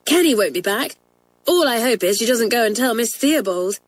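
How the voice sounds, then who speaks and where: A woman's voice: a little high, expressive, moderate pace, voice pushed up. A woman reading aloud plays a cheeky storybook schoolgirl who eagerly eggs the others on. The voice is raised and youthful. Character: cheeky schoolgirl egging on pranks.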